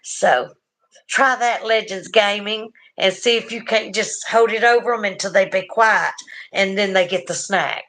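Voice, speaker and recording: A woman's voice: mid-range voice, unhurried, a bit bright. Chatty Southern woman reading comments. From southern United States. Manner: chatty and folksy, with asides to viewers. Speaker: livestream host reading viewer comments. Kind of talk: casual chat.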